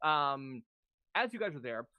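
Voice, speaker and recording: A man's voice: medium pitch, sing-song, unhurried, dry recording, muffled recording. A man running a tabletop game, explaining the rules casually with frequent ums. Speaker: game master.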